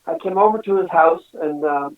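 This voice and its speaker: A singer appearing as a guest, a man with a high voice, chats at a moderate pace in a casual interview, telling loose, easy stories, laughing often and saying "you know" a lot. He comes through remotely over a thin, phone-like line that sounds distant and echoey.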